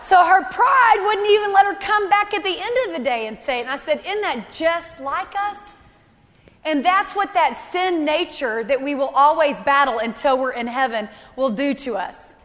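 A woman's voice: high voice, lively intonation, normal speed, hardly any pauses, fairly bright tone. A woman in her thirties preaching a sermon, emotional and earnest, repeating key phrases. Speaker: speaker at a church service. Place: large church hall. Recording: live hall with long reverb.

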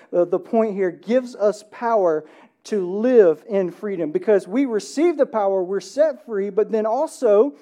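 A man's voice: high-pitched, warm tone. A man in his thirties, a pastor preaching an Easter sermon in church in a conversational storytelling way, often checking in with "right?". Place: church sanctuary.

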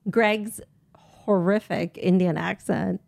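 A woman's voice: lowish voice, fairly even intonation, vocal fry, darkish tone. A woman co-hosting a casual podcast, answering quiz questions and shooting back dry denials at her partner's jokes. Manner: quick denials, dry comebacks. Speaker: podcast co-host.

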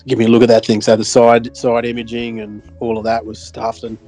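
A man with an Australian accent spins a loose, animated fishing yarn on a podcast. His voice sits in a middle pitch, and he talks in a rambling way with plenty of fillers, restarts and casual swearing. Soft music plays faintly underneath. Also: a little fast, hardly any pauses. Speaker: podcast co-host. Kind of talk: casual chat, telling a fishing story.

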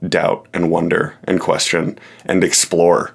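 A low-voiced man talks through ideas on a casual podcast. He hesitates and restarts his sentences, and he often makes fun of himself. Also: monotone, unhurried, creaky.

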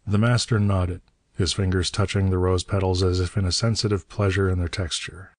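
A man narrating an adventure audiobook in a measured, steady reading. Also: low voice, dry recording.

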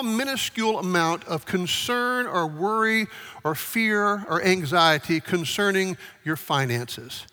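High, bright-voiced preacher in a reverberant hall. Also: male voice. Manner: asks the congregation questions, conversational. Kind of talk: sermon.

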